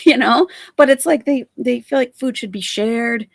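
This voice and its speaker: A woman's voice: a little high, expressive, unhurried, no echo. A woman hosting a live stream, giving sarcastic, mocking reaction commentary.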